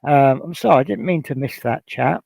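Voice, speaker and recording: A man from Norfolk chats his way through a hobby livestream, reading viewer messages aloud between rambling asides. His voice has a gravelly edge. The sound is dry and close, with no room echo. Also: mid-range voice, normal speed, darkish tone. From Norfolk, England. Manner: rambling, reads out chat messages with many fillers. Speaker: livestream host. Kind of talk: casual livestream chat.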